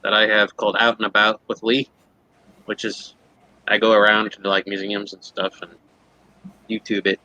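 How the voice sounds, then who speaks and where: A man's voice: on the low side, monotone, normal speed, pauses often, sharp tone, dry recording, muffled recording. A man on a casual livestream panel, playful and joking. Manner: playful, jokes in a mock radio voice. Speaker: panel guest.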